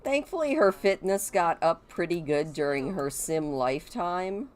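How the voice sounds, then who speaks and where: A woman's voice: fairly low pitch, lively intonation, a little slow. A middle-aged woman with a Midwestern American accent, chatting casually as she comments on a game and talks to her viewers. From Michigan, USA. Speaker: gaming video creator.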